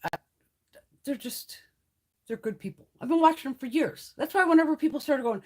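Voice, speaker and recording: A woman's voice: high voice, brisk, pauses often. A woman hosting a casual livestream chat, ranting heatedly and swearing freely. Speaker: beauty vlogger hosting a livestream.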